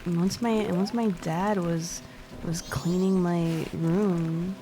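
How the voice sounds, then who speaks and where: A woman's voice: on the low side, fairly even intonation, slow, warm tone, a little hiss or hum. A young woman streaming a video game, chatting in a rambling, giggly way and swearing casually. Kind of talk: casual gameplay chat. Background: game music.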